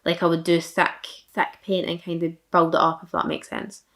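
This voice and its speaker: A woman's voice: fairly low pitch, flat delivery, moderate pace, fairly bright tone. A young woman from Fife with a thick Fife Scottish accent, chatting casually while answering viewer questions in a vlog. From Fife, Scotland. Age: young adult. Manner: chatty, self-deprecating, many likes and laughs.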